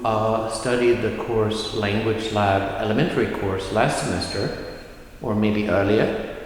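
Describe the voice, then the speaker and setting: Slow, patient male teacher in an echoey room. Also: fairly low pitch. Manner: slow, patient explaining with stretched example words. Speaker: Swedish language teacher. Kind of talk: video lesson at a whiteboard. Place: classroom with whiteboard. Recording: roomy, echoey room with long reverb and faint noise.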